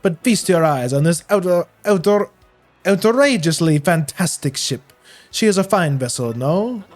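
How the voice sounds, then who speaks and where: A man's voice: sits high, lively intonation, a little slow, soft background music. A man voicing a vain, flamboyant male merchant with a put-on Spanish accent, reading a game's dialogue aloud. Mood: boastful. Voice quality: flamboyant, grandiose, dramatic.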